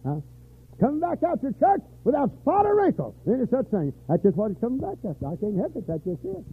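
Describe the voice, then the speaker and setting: An older man preaching a revival sermon, dropping to weary low talk and rising to shouted, high-pitched fervor. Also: wildly swooping pitch, fairly quick, slightly rough. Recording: tinny lo-fi church recording.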